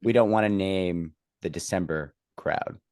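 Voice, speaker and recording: A man with a very deep voice talks in a rambling, easygoing way, full of fillers and restarts. The sound is dry and close. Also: unhurried, a little mellow, smooth, no echo. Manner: acts out others' lines when telling a story. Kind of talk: casual chat.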